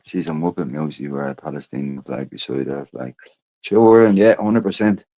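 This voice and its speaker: Guy with a real low voice rambling on a podcast, dull dry sound. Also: normal speed, warm tone, no echo. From Ireland. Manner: swearing, storytelling, rambling. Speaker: podcast host. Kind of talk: casual chat.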